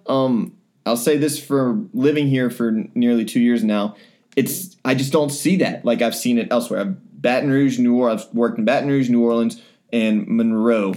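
A man's voice: medium pitch, darkish tone. A young man co-hosting a casual sports podcast, rambling with many fillers and restarts. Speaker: sports reporter and podcast co-host.

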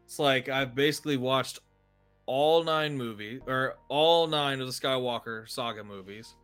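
Brief: male podcast co-host, mid-pitched voice, relaxed chatty delivery, faint music behind. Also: a little slow, clear, resonant tone. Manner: relaxed storytelling with fillers. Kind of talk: casual chat.

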